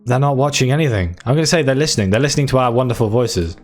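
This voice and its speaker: A man's voice: mid-range voice, expressive, rapid-fire, soft background music. A British man co-hosting a casual gaming podcast, playful and teasing as he chats. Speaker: podcast co-host. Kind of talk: casual chat.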